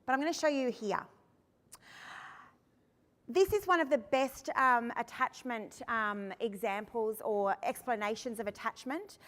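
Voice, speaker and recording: Australian woman, foster-care trainer, higher voice, chatty storyteller, long hall echo. Workshop presenter. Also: measured pace, a bit bright. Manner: chatty storytelling, asks the audience questions. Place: conference room.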